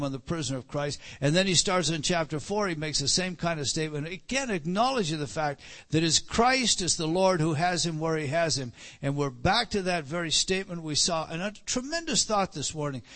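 A man's voice: a little high, sharp tone. A man preaching a Bible teaching sermon, with frequent restarts and repeated words, rising for emphasis on key phrases.

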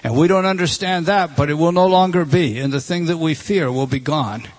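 A man preaching a sermon, emphatic and earnest, often dropping to a low, soft voice to drive a point home. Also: brisk.

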